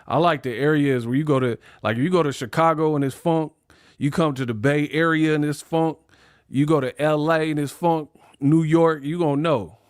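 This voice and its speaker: A young man hosting a live boxing stream, talking in animated slang. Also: on the high side, normal speed, dry recording. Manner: animated, slangy, laughs at his own jokes. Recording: dry close mic.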